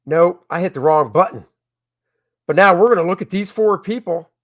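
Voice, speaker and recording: A man who makes comics, chatting excitedly with viewers on a casual crowdfunding livestream from home. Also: high-pitched, moderate pace. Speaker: comic creator hosting a crowdfunding stream.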